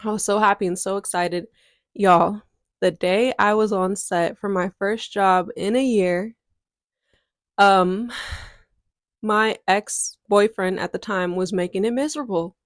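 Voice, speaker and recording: A woman's voice: mid-range voice, steady tone, a little slow, dry recording, studio quality. A woman, chatting candidly to her viewers in a casual storytime vlog. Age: 20s. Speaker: content creator.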